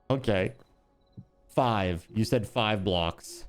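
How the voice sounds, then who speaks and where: A man's voice: medium pitch, expressive, normal speed, smooth, faint music behind. A man streaming a building game, chatting casually and answering his chat aloud.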